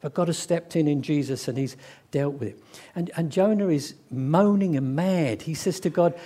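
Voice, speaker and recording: Male preacher, mellow tone, lively storyteller voicing characters. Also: a little high. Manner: storytelling, acts out quoted voices, slows for emphasis. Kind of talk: sermon.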